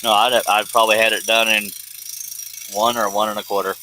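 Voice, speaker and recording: A wisecracking man with a lowish voice banters casually on a live stream, slipping in dry jokes. Clear background noise sits under his voice the whole time. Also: flat delivery, fairly quick, pushed and bright. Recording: noisy live stream audio.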